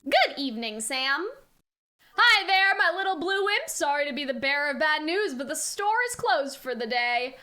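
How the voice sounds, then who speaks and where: A woman's voice: high voice, expressive, moderate pace, pushed and bright, pitched below the performer's own voice. Woman reading a slick scheming shopkeeper. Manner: slick, playful salesman patter. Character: smooth, scheming young male shopkeeper.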